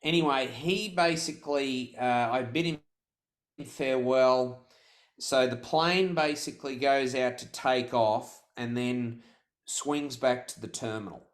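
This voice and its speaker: A man's voice: mid-range voice, measured pace. A middle-aged man, a podcast guest telling a story in conversation, full of restarts and repeated words.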